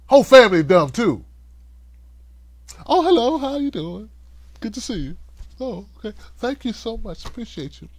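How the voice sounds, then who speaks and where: A man putting on the voice of a nasty female boss who yells insults at her staff and then turns sugary sweet. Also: extremely high pitch, sing-song, moderate pace, no room sound, pitched above the performer's own voice, heavily acted.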